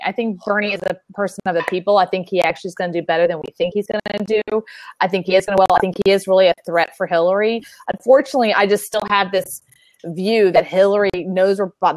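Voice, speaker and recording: A woman from Texas on a casual political panel, outspoken and animated, cutting in to argue her point. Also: mid-range voice, dry recording, low-quality recording.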